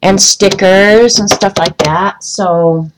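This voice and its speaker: A woman's voice: mid-range voice, fairly even intonation, slow, noisy background. A woman chatting casually on a livestream from a room at home, rambling and talking to viewers by name. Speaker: vlogger showing travel souvenirs.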